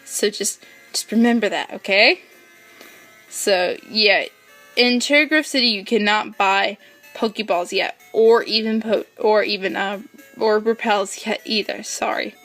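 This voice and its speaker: A woman's voice: mid-range voice, a little slow, a bit bright, soft background music. A woman hosting a casual game playthrough, chatty and upbeat as she explains the mechanics. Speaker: let's play host. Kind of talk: casual gameplay commentary.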